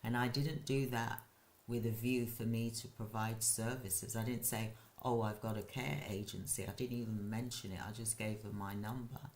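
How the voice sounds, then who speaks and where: A man who runs a care business, hosting a live stream and giving casual advice in a slow, halting way with frequent restarts. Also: mid-range voice, little pitch movement, slight background noise.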